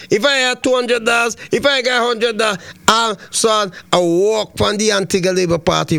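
A man's voice: high voice, vocal fry, fairly bright tone, smooth. A man hosting a radio talk show, ranting heatedly about politics and repeating himself as he goes.

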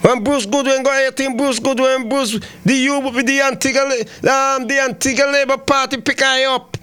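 High-pitched fiery talk radio host. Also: male voice, level tone, moderate pace, a bit bright, clean tone. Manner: fiery, ranting, repeats himself. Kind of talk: heated political talk radio rant.

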